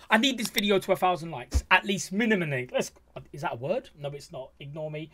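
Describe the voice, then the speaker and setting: A man's voice: sits high, fairly quick, few pauses, pushed and bright. A man gushing through cheeky, camp reaction commentary. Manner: camp, cheeky, gasping and squealing. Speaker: reaction video host.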